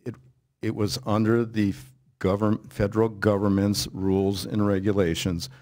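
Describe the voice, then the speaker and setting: An older man, an author and lecturer, answering audience questions in a halting, explanatory way with many restarts. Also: fairly low pitch, little pitch movement, darkish tone. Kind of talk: casual Q&A talk.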